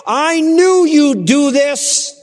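A man voicing an angry, sulking male prophet who complains in a high, strained voice. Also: big pitch swings, normal speed, a little mellow. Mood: indignant. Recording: long hall reverb.

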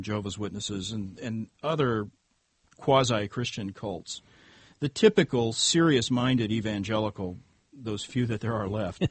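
A man hosting an interview, offering measured, reflective commentary to his guest. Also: fairly low pitch, breathy edge, dry recording. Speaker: host. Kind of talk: conversational interview.

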